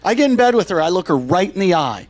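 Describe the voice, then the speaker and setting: This middle-aged comic works a club crowd with deadpan stories, dropping into a lower register whenever he quotes someone. He talks fast in a high voice, and crowd noise can be heard.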